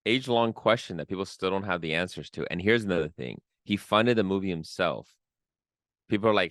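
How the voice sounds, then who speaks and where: A man's voice: low voice, fairly quick, no echo, studio quality. A man co-hosting a podcast, telling stories casually with lots of fillers. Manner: relaxed storytelling with frequent fillers. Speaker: podcast co-host.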